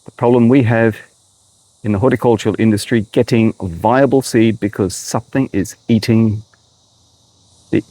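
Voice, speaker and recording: A man's voice: fairly low pitch, moderate pace, warm tone, no room sound, rough recording. An Australian man, a horticulturist, chatting to viewers as he walks around a garden outdoors, a little out of breath. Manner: chatty, talks straight to viewers. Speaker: horticulturist vlogger. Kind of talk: walking garden tour vlog.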